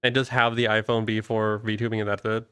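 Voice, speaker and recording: A young man rambles through casual stream chat, cursing freely and trailing off. His voice is smooth and clear. The sound is dry and close. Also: lowish voice, level tone, fairly quick, a bit bright, no room sound. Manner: loose, rambling, swears casually. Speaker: streamer and VTuber host.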